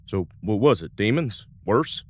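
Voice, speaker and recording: A man's voice: on the low side, big pitch swings, a little slow. A man voicing a blunt but caring male starship captain in a tabletop space game. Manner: casual, swears.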